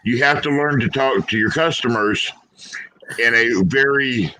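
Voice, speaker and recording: A man from Florida with a Southern accent, hosting a casual chat and rambling with many fillers; he has no teeth but speaks clearly. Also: mid-range voice, unhurried, bright, forceful tone, low-quality recording. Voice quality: toothless. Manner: rambling, frequent "you know" fillers. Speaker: host.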